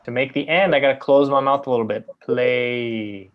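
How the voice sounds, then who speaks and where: A man teaching an English pronunciation lesson, drawing out model sounds slowly and often checking in with "right?". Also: mid-range voice, lo-fi sound.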